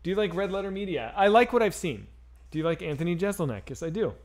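His voice sits high and expressive, and he talks fast. He's a man in his forties on a gaming livestream, loose and foul-mouthed, chatting with viewers mid-game.

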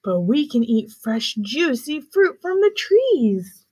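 A woman voicing an excited troop of baboons in a storybook, calling out eagerly. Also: sits high, slow pace, husky, exaggerated voice. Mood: happy.

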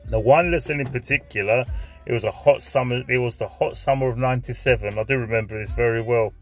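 A man's voice: mid-range voice, fast talker, soft background music. A man, telling a rambling anecdote, swearing freely and dropping Greek phrases in. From north London. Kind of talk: anecdotal storytelling.

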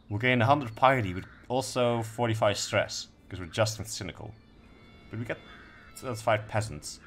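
A man's voice: fairly low pitch, slight background noise. A young man doing casual let's-play commentary, laid-back, swearing now and then and reading game text aloud. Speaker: gaming streamer.

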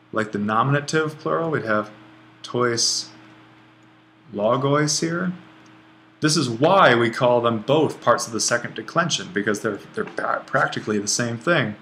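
A man teaching a grammar lesson over a screencast, relaxed and thinking aloud as he writes, often correcting himself. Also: lowish voice, a little hiss or hum. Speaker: Greek language instructor.

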